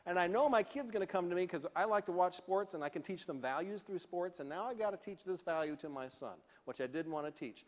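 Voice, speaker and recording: Male keynote speaker, animated storyteller, fairly high voice, echoey hall. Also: fast. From Northern Virginia. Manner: animated, acts out the voices of people in his stories.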